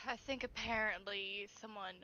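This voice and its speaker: A woman's voice: medium pitch, fairly even intonation, measured pace, pushed and bright, muffled recording. A woman voicing a nervous young rogue in a tabletop game, answering hesitantly and defensively. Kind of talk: tabletop game role-play.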